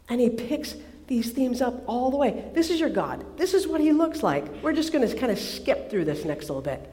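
A high-voiced woman preaching to a gathered crowd. She is animated and playful, asking her listeners questions as she goes. Her voice rings out with the long reverb of a large hall. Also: normal speed. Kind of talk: sermon.

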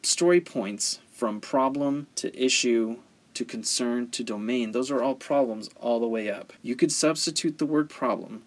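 A man's voice: medium pitch, a little slow. A man teaching story structure in a conversational way, often asking rhetorical questions. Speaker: writing teacher. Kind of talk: explaining story theory.

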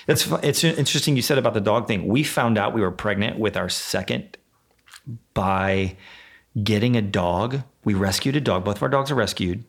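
A man, telling stories in a loose, swearing, animated way and acting out voices as a podcast guest. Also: fairly low pitch, normal speed. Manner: animated, swearing storyteller who acts out voices in quotes. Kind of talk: casual podcast chat.

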